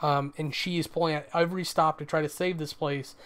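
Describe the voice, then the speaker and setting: A man's voice: on the high side, fairly even intonation, fairly quick, fairly bright tone, clean tone. A man hosting a web show, chatting casually about what he has watched, rambling with lots of fillers and some swearing. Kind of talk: casual review chat.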